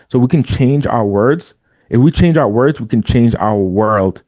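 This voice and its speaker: A man talking as a podcast guest in an emphatic, conversational way, often doubling his words as he drives a point home. His voice is warm and mellow, and it sits dry and close with no room sound around it. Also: mid-range voice, animated, a little slow, no room sound. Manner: emphatic, repeats words while building a point. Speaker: podcast guest, entrepreneur and father.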